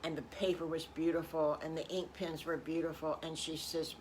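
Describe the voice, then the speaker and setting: A woman's voice: sits low, flat delivery, normal speed, few pauses, a little mellow, slight background noise. An older woman telling improvised children's stories, folksy with chuckling asides. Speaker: storyteller.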